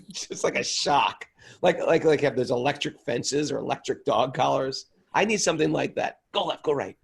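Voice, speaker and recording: A man leading a casual scripture class, animated and joking, sometimes acting out little voices. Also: medium pitch, moderate pace, gravelly, husky. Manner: animated, jokey, acts out voices. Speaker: spiritual teacher.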